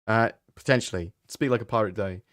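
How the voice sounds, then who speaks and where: A man hosting a casual live-stream Q&A, answering viewer questions in a relaxed, conversational way and thinking aloud as he goes. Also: fairly low pitch, fairly quick, no room sound, clean studio sound.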